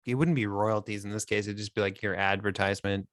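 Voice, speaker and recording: A man's voice: on the low side, fairly even intonation, fast, a bit bright, no room sound. A man co-hosting a podcast in casual chat, teasing his co-host with dry humor.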